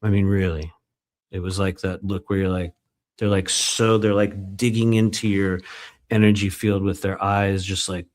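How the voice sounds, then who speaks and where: A man's voice: deep voice, little pitch movement, normal speed. A man reading aloud from his own book during a live stream, breaking off often into loose, conversational asides with plenty of fillers. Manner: conversational and digressive, many fillers.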